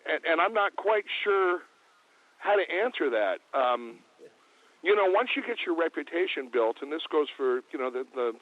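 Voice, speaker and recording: A man's voice: a little high, moderate pace, no echo. Laid-back man on a tinny phone line. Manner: relaxed, joking, hesitant with fillers. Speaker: guest drummer. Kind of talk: casual interview.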